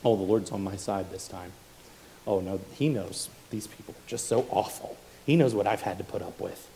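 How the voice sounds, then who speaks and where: A man voicing an aging male prophet muttering his inner thoughts, in a mellow voice. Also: lowish voice, normal speed, slight background noise, close to an everyday voice. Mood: self-assured.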